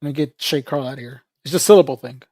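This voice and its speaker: A man's voice: medium pitch, rapid-fire, dark tone, no echo, clean studio sound. A man livestreaming in a casual, rambling chat, joking with viewers, laughing often and calling people "bro".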